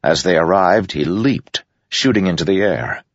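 Deep husky male audiobook narrator. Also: normal speed, no echo, lo-fi sound. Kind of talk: scripted fantasy narration.

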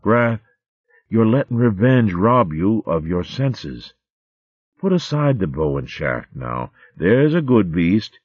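A gruff, hearty shrew chieftain who talks like an old sailor, as a male narrator puts him on. He is lifted well above the reader's deep voice, and his delivery rises and falls broadly. The sound is thin and phone-like. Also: very animated, slow, no echo, full character voice. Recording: phone-like dry audio.

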